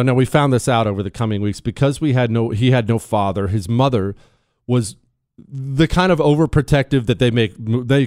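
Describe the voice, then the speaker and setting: A man's voice: medium pitch, darkish tone, dry recording, studio quality. A man hosting a talk radio show, telling a story in a monologue. He leans hard on his points, repeats lines for effect and throws questions at the listener.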